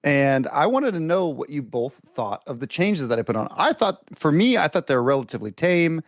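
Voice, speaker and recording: A man's voice: on the high side, normal speed, no room sound, studio quality. A man as a podcast guest, telling stories in casual chat with lots of fillers and restarts. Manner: animated storyteller, many fillers and restarts.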